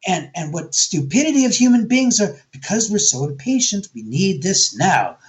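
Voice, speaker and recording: A man's voice: high voice, sing-song, normal speed. A man talking bluntly and with plenty of swearing as a guest in a casual radio interview, acting out the voices of people he quotes. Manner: blunt, profane storytelling. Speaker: author and guest.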